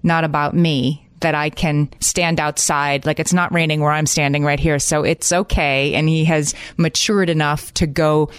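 A woman in her forties talks through parenting moments in a calm, reflective way and pokes fun at herself. Her voice sits a bit low, and the recording is close and dry, with almost no room sound. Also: moderate pace, hardly any pauses, smooth, no room sound. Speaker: podcast co-host. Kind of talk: casual parenting chat.

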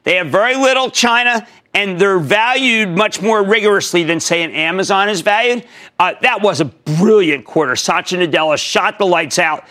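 A man hosting a TV stock market show, giving emphatic commentary and taking calls, jumping from loud high bursts to low asides. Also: normal speed. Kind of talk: energetic market commentary and call-in.

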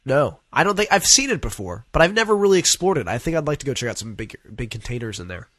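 A man with a plainly nasal voice chats on a podcast and reads out odd news with playful emphasis. His pitch swings widely as he talks, and the sound is close and dry with no room echo. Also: quick pace. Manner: animated, joking storyteller. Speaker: co-host. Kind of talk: casual podcast chat.

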